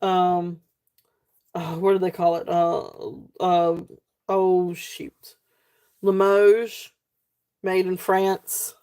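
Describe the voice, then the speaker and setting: Mellow-voiced Southern woman, chatty seller. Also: on the low side, level tone, takes it slowly, smooth. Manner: rambling, chatty, laughs often. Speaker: host of a live jewelry sale. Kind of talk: casual live-stream selling chat.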